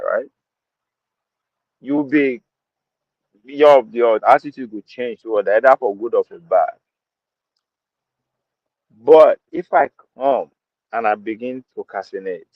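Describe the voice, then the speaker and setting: A man's voice: mid-range voice, animated, a little slow, pauses often, no room sound. A man with a Nigerian accent hosting a podcast, giving opinionated commentary and driving points home by repeating phrases and slipping into Pidgin. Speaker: podcast host. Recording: dull lo-fi dry sound.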